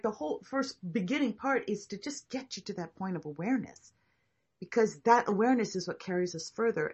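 Husky-voiced woman leading a group call. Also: mid-range voice, highs cut off. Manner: reflective, encouraging, halting with many restarts. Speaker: group facilitator. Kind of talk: casual group discussion.

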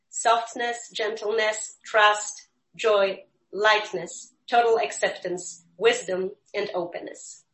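Unhurried woman student in a roomy echo. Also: a little high, fairly bright tone. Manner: reads a list of qualities with light laughs. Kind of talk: sharing in class.

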